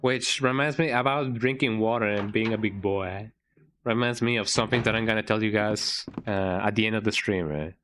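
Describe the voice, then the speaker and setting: Streaming a game to a backdrop of game music, a man from Mexico speaks at a moderate pace in a fairly low, fairly bright voice. Playful and casual, he repeats words in a silly sing-song and often finishes with "eh?".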